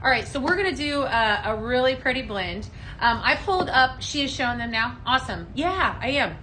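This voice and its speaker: Bright, chatty woman hosting a live sales show. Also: on the high side, animated, brisk, a little hiss or hum, poor audio. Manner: chatty and upbeat, selling, reading viewer comments aloud. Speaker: host of a live home fragrance sales show. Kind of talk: live on-air product demo chat. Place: studio set under hot lights.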